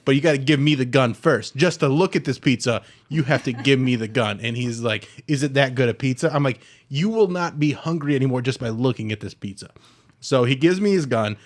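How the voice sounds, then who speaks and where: A young man hosting a casual comedy podcast, telling a story with lively voiced-out dialogue. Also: mid-range voice, brisk. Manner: animated storyteller acting out both sides of a dialogue. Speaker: podcast host.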